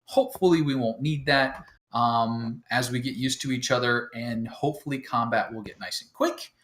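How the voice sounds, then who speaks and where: This talkative, self-deprecating man runs a tabletop game and walks through the rules loosely, full of ums and other fillers. He speaks at normal speed in a mid-range, slightly bright voice with hardly any pauses.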